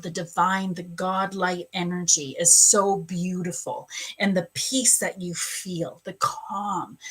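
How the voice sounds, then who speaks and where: A woman's voice: medium pitch, fairly bright tone, breathy edge, rough recording. A woman psychic medium talks straight to her viewers during a live reading. Her speech is gushing and heartfelt, and she drifts from thought to thought with plenty of fillers. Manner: effusive, emotional, rambling with fillers. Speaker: psychic medium and spiritual coach.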